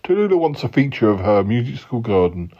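A man voicing a gruff, low, manly yeti uncle who waffles on with lots of fillers and restarts, on a slightly dull recording. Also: sing-song, fairly quick. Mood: rambling.

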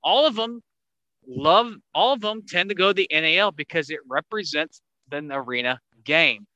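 A man hosting a casual sports podcast, talking in an animated way that gets higher when he drives a point home. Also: moderate pace, dry recording, dull audio. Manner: animated, rising pitch when making a point. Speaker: podcast host.

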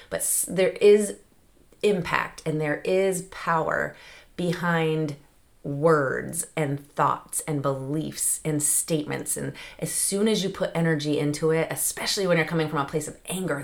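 A woman hosting a podcast, talking through a casual motivational monologue into a close mic, chatty and laughing often. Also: sits low. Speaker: podcast host.

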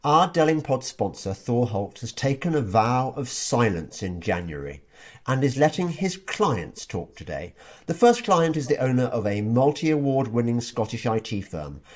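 A man's voice: mid-range voice, sing-song, normal speed, darkish tone. A man hosting a podcast interview in a casual, chatty way, often repeating words as he restarts his sentences. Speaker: podcast host.

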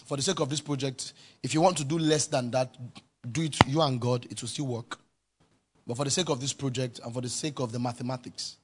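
A man's voice: mid-range voice, a bit bright, husky. A man preaching a sermon as pastor, emphatic and calling out to the congregation for responses.

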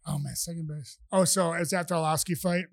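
A man's voice: on the high side, steady tone, brisk, no room sound. A man, a podcast guest telling rambling stories with many restarts. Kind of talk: casual storytelling.

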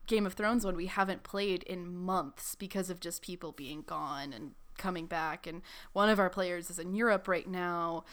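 Chatty young woman, animated podcast talk. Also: on the low side, moderate pace, few pauses. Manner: animated, talkative, many filler likes. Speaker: podcast co-host. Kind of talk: casual chat.

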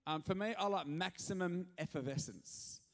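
Male pastor preaching in a church, fun and animated, bit gravelly, mic'd up. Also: high-pitched, normal speed. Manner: animated and jokey, with sudden loud rises. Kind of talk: energetic sermon. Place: church hall.

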